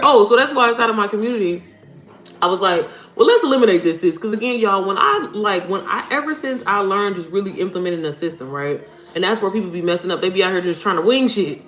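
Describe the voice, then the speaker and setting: A chatty, blunt woman hosts a casual home livestream, calling her viewers "y'all" and swearing casually; she's a mom business coach. Her mid-range voice is expressive, fast, and fairly bright. The room sounds roomy, with faint music in the background.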